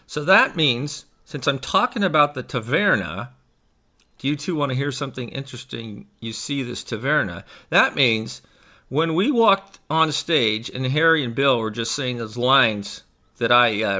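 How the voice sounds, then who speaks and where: A man's voice: mid-range voice, sharp tone. Chatty, self-mocking man actor. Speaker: stage actor. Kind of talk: casual vlog chat. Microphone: desk microphone.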